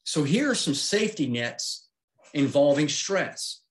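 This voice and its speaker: Here the aviation safety instructor, a middle-aged man, speaks a little high and a little slowly in a sing-song way. He walks through his slides step by step, plain-spoken, pausing to ask "okay?".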